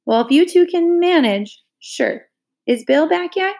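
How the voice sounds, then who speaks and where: A woman reading a novel aloud, voicing a distracted writer mother who speaks in a vague, faraway, gentle way. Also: extremely high pitch, animated, measured pace, gravelly, pitched above the performer's own voice, heavily acted. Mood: dreamy. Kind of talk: audiobook read-aloud.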